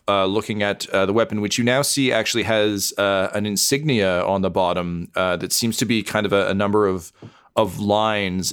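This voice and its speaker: A man's voice: lowish voice, a bit bright, clear, resonant tone. A man as game master, improvising narration with many fillers and restarts. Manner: rambling, many fillers, chuckling.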